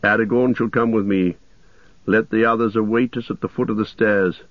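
A stern old wizard speaks with firm command in a low, dry voice, as a male narrator reads him. The storybook recording is dull and lo-fi. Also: fairly even intonation, moderate pace, dry recording, close to an everyday voice. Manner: commanding, loud when calling out.

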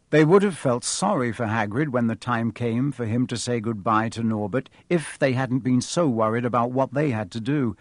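A man reading a storybook aloud in a measured, expressive way. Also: medium pitch, no echo, studio quality. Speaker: audiobook narrator. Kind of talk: scripted storybook narration.

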